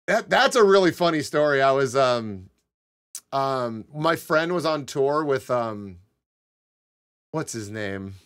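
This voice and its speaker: A young man streaming live, telling a long story to his chat in a casual, animated way, swearing and laughing a lot. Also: mid-range voice, smooth. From Connecticut. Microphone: desk mic.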